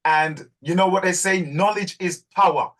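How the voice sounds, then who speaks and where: A man with a high, lively voice hosts a community call. He talks like a preacher, urging his listeners on and hammering home key words. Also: normal speed. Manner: preacherly, urges listeners, repeats words for stress. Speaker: host of a community group call. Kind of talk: fervent live group talk.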